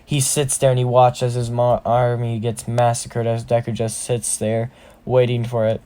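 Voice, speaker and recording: A man's voice: medium pitch, completely flat delivery, moderate pace, mellow, smooth. A man casually narrating a fan-fiction story, rambling and often correcting himself.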